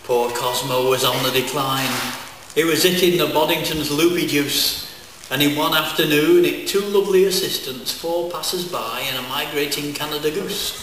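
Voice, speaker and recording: A man reciting comic verse live on stage at a folk festival, with a deadpan delivery full of wordplay. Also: on the high side, moderate pace, slight background noise. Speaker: comic poet. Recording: echoey live hall, distant mic.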